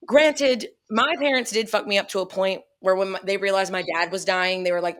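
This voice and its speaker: A woman's voice: fairly low pitch, fairly quick. A woman co-hosting a podcast who tells a personal story in casual chat. She speaks bluntly, swears a lot and laughs often. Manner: profane, blunt and animated. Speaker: podcast co-host.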